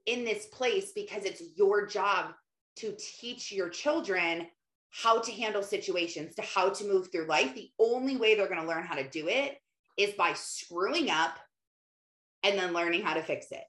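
Brief: animated woman, casual faith talk, lively delivery, roomy echoey room. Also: mid-range voice. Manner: animated, often acts out quotes, many fillers. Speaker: mother and Christian speaker. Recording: roomy echo.

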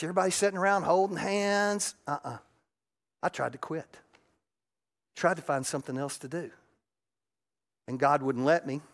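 A middle-aged man, preaching a sermon and telling a raw, emotional personal story that swings between loud and hushed. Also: on the high side. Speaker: pastor.

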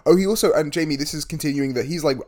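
A man's voice: on the high side, racing, a little mellow. A man co-hosting a podcast in casual chat, making wry, teasing and sarcastic asides about a film. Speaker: podcast co-host.

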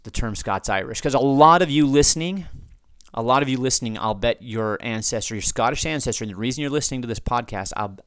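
Male podcast host, unscripted and digressive, smooth dry voice, mid pitch. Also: fast, fairly bright tone, dry recording. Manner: rambling, off-the-cuff, frequent restarts and asides. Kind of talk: unscripted podcast talk answering listener feedback.

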